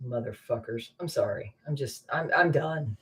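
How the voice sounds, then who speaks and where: A middle-aged woman streams casually from her home in Maine, speaking at normal speed in a very deep voice with a breathy edge. Frustrated, she swears liberally and speaks directly to her viewers.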